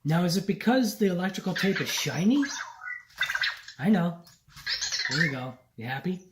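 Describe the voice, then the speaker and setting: A man's voice: high voice, animated, normal speed, very noisy. A man vlogging at a home countertop, coaxing and chatting to a little robot as if it were a pet. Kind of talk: casual vlog, talking to a toy robot.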